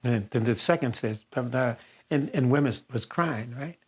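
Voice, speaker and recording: A man's voice: medium pitch, moderate pace, breathy edge. An older man from the Detroit area, a singer being interviewed, telling anecdotes with frequent chuckles. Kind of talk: storytelling interview.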